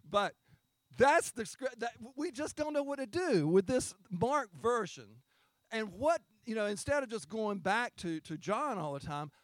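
A man preaching a conversational Easter sermon as a pastor, retelling scripture in a folksy, chatty way. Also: high-pitched.

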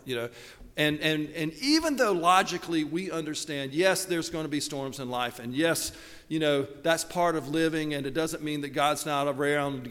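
A man preaching a sermon in a conversational, animated way, telling the story with asides and little laughs. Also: fairly high pitch, long reverb tail.

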